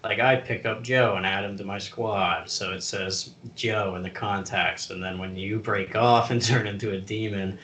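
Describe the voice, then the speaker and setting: A man co-hosting a podcast in casual chat, enthusiastic and quick to laugh. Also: lowish voice, steady tone, a bit bright. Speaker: podcast co-host. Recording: roomy, distant mic.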